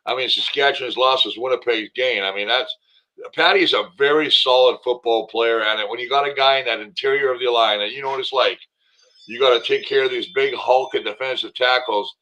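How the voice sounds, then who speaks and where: A man's voice: mid-range voice, a little fast, sharp tone, low-quality recording. A man talking football as a guest on a sports talk show, emphatic and enthusiastic, rambling with fillers. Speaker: guest, former football player and commentator.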